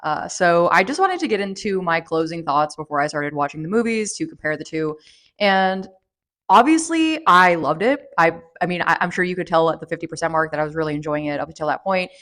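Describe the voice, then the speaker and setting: A woman's voice: on the low side, animated, fairly quick, fairly bright tone. A woman chatting casually through a book review vlog, rambling with lots of fillers and restarts. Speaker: book vlogger.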